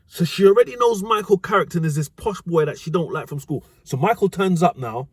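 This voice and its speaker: With a slightly high voice, a dating advice vlogger from the United Kingdom rambles through a casual story, full of slang and self-corrections. The sound is dry and close, without any room sound.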